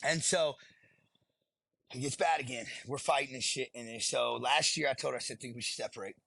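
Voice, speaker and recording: Middle-aged man, gravelly and husky, blunt and profane storyteller, podcast guest. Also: medium pitch, brisk, pushed and bright. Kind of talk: candid storytelling.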